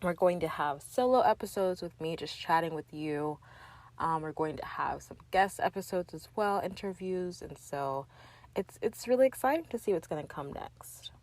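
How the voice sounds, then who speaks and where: Speaking at a normal speed in a lowish, animated voice with a slightly mellow quality, the young woman runs her own podcast. She addresses the listener straight on, earnest and encouraging, chatting loosely on her own and often restarting or using fillers.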